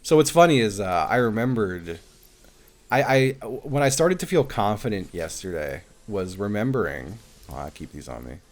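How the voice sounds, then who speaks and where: Lively low-voiced man streaming a game. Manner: chatty, swears, thinks aloud, thanks viewers. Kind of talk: casual live-stream chat while playing.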